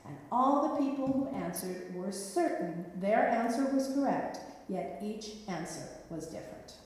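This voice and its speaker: A woman storyteller relating an old legend in a reflective way, dropping gently wry asides. Her voice sounds distant from the mic and washes around a long, reverberant hall. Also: medium pitch, lively intonation, moderate pace, hardly any pauses. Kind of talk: telling a myth. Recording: echoey hall, mic far off.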